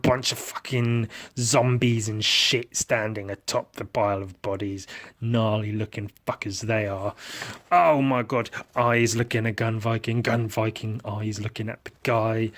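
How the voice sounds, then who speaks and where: Slow-talking man narrating with mouth sound effects. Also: lowish voice, fairly even intonation, a bit bright. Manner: playful, swearing, making mouth sound effects. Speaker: podcast host and miniature painter.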